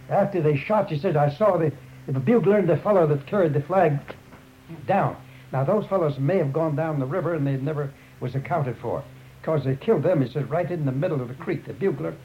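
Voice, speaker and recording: Man, slightly high voice, telling an oral history in a loose, rambling, repetitive way; dull lo-fi tape with faint hiss. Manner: rambling, repeats "up there", many restarts. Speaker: storyteller.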